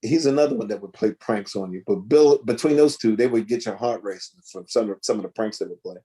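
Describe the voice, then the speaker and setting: A man telling a lively story in a video call interview, acting out the voices of the people in it. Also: lowish voice, fast talker. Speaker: guest drummer. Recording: choppy internet connection.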